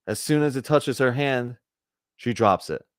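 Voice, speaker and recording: A man's voice: medium pitch, measured pace, no echo, clean studio sound. A man giving a conversational spiritual talk to a group, often checking in with "right?" and acting out little bits of dialogue. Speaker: spiritual teacher.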